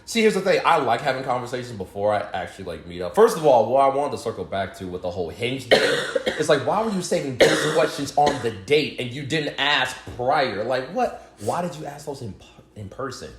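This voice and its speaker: A man with a middle-pitched voice that swoops all over its range chats on a casual podcast in loose slang, swearing often. The recording has a roomy echo. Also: a little fast. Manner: expressive, slangy, swears a lot. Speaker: podcast co-host.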